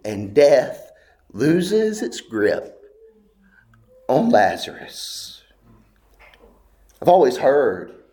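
A man delivers a sermon at a slow, deliberate pace, drawing out each phrase. His voice sits in a middle pitch. He drops to hushed, near-whispered tones for emphasis. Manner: slow, dramatic preaching with long pauses and hushed moments. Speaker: pastor.

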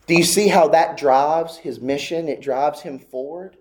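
Man preaching with impassioned rises. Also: measured pace. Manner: impassioned preaching, voice climbing high on pleas; repetitive emphatic cadence. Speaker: pastor. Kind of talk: sermon.

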